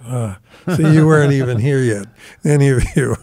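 Older male guest, unhurried raconteur. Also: medium pitch, mellow. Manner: rambling anecdotal, mimics quoted voices. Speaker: guest musician. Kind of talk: casual storytelling.

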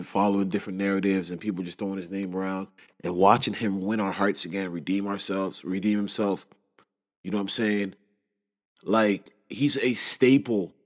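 A man in his twenties talks alone into his podcast mic, his voice sitting on the low side. He rambles in a loose, shaken way and leans constantly on filler phrases. The room behind him rings with a long, hollow reverb. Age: 20s. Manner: rambling, constant "you know what I'm saying" fillers. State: shaken and upset. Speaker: podcast host. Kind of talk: casual solo monologue.

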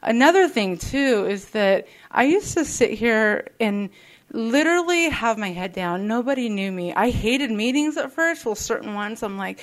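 A woman's voice: fairly high pitch, expressive, moderate pace. A woman sharing her story at a twelve-step meeting, earnest and chatty. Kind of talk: personal share at a support meeting. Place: meeting room.

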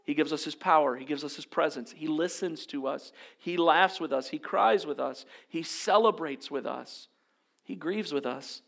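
A pastor delivering a sermon at a church service, earnest and steady, building his points through repeated phrases. His voice sits on the higher side for a man. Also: normal speed, vocal fry. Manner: earnest, repetitive preaching cadence. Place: church service, also streamed online.

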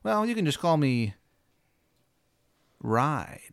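A man's voice: a little high, sing-song, takes it slowly, vocal fry, no room sound, exaggerated voice. A man voicing a chirpy twelve-year-old girl dressed in red who talks with small hesitations. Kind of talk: improvised comedy bit.

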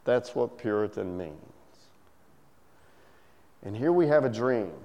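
A man preaching a sermon, telling jokes and then slowing into a solemn delivery. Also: mid-range voice, animated, dark tone, muffled recording. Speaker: pastor. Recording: echoey hall reverb.

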